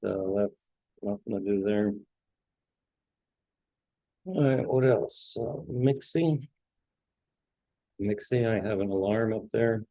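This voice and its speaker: His voice is fairly low and warm, captured in a dry recording with poor audio. He's a trading show host offering casual market commentary on stock charts, and he keeps restarting and repeating words as he scans.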